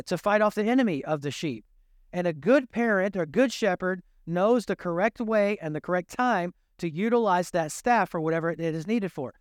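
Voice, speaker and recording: An older man with a drawl preaches like he's chatting with his congregation, joking and animated as he goes. His voice sits high for a man and comes across smooth and resonant. The sound is dry and close, with no room echo. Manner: conversational, jokey, animated preaching. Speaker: pastor. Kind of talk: sermon.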